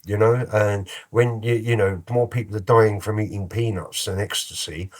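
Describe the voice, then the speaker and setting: A man telling lively, cheeky anecdotes as a guest, in a casual and slangy way. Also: lowish voice, moderate pace. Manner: animated, cheeky, slangy storyteller. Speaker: guest musician.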